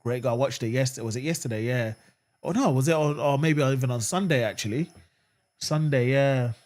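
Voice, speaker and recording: A man's voice: medium pitch, brisk. A man hosting a live watchalong of a football match, chatting with viewers and erupting at the referee. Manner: animated, swings between calm chat and outraged shouting at the referee; reads and answers viewer comments. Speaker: fan channel host.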